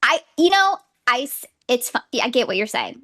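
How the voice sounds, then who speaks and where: Young female podcast co-host, bubbly and gushing, somewhat high-pitched, casual chat. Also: very animated, brisk, a bit bright. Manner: bubbly, gushing, laughs often.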